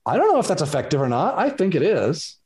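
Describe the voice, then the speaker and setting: A man's voice: fairly high pitch, huge pitch swings, fast, a little mellow, breathy edge. Candid, hesitant man as podcast guest. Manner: candid, hesitant, many fillers and restarts. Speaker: podcast guest, business owner. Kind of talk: casual interview chat.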